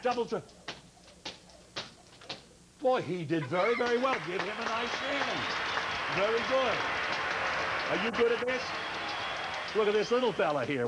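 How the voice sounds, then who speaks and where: High-voiced joking kids' TV host. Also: male voice, noisy background. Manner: teasing, joking, quick asides. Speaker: children's TV show host. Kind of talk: playful banter leading kids in games. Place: TV studio with children.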